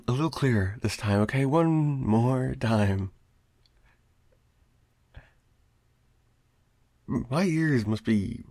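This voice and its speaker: A man's voice: medium pitch, vocal fry, dark tone, no echo, clean studio sound. A young man voicing a clingy, obsessive male roommate in an improvised audio roleplay, rambling and stammering with nervous laughs. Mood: unsettled, possessive.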